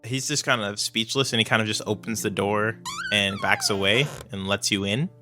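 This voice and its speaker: A man's voice: on the low side, normal speed, music in the background. A man narrating a tabletop game as game master in a hesitant style with many fillers.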